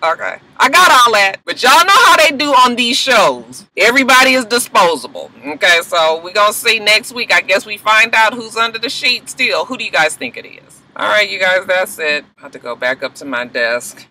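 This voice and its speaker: Young woman vlogger, animated and profane TV recapper with a bright, sharp voice. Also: on the low side, moderate pace, few pauses, rough recording. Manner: chatty, profane, animated retelling. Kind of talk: casual chat.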